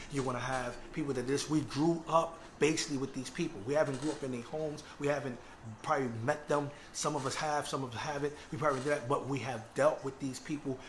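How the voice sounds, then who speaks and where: A man's voice: medium pitch, a bit bright, a little hiss or hum. A man delivering a religious lecture, earnest and conversational, often checking in with his listeners. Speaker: Islamic lecturer.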